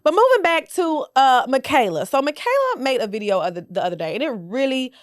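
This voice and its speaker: A woman's voice: high voice, big pitch swings, brisk, no echo, clean studio sound. A young woman hosting a podcast, giving sassy, blunt commentary straight to her viewers. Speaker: podcast host. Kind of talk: casual commentary.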